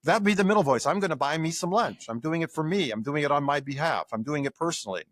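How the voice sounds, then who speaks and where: An older man, a guest scholar in an interview, explaining with lively examples and acted-out quotes. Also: a little high, fast talker, dry recording. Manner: animated explainer acting out examples.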